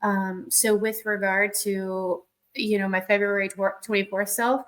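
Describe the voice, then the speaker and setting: A woman's voice: mid-range voice, level tone, measured pace. Young woman, heartfelt guest. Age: young adult. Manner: heartfelt, reflective. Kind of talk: candid conversation.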